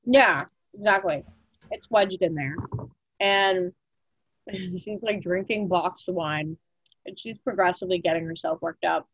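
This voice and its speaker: Chatty young woman, lowish voice. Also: measured pace, slightly rough, no echo, dull audio. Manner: chatty, frequent "like" fillers, swears casually. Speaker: podcast co-host. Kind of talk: casual chat.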